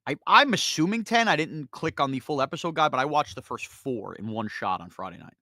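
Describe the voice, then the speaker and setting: A man's voice: mid-range voice, a little fast, no echo, clean studio sound. A man hosting a sports radio show, telling stories in casual, self-mocking banter. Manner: storytelling, animated, self-mocking.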